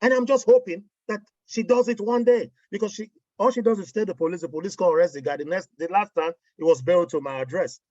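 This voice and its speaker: A man's voice: high-pitched, fast talker, few pauses, dry recording. A man with a Nigerian accent in casual chat, telling stories and mixing in pidgin phrases. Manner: mixes in pidgin, animated storytelling. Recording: dry, muffled audio.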